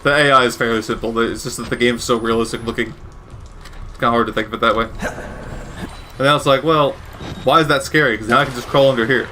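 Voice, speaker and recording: A man's voice: medium pitch, fairly even intonation, fast talker, long pauses, bright, forceful tone, a little hiss or hum. A man giving casual, rambling gameplay commentary with wry asides and frequent self-corrections. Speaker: gaming commentator.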